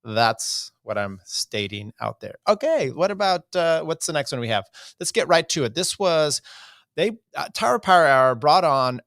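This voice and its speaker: Rambling podcast host, dry close sound. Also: male voice, on the high side, big pitch swings, normal speed, fairly bright tone, no echo. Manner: rambling, many fillers and restarts, wry. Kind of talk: casual commentary.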